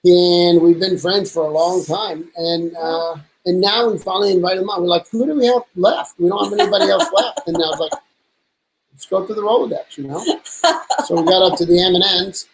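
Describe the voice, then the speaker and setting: A man's voice: sits high, fairly even intonation, brisk, low-quality recording. A man in his fifties hosting a casual show, telling stories in a teasing, self-mocking way. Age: 50s. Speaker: show host. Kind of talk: casual joking chat.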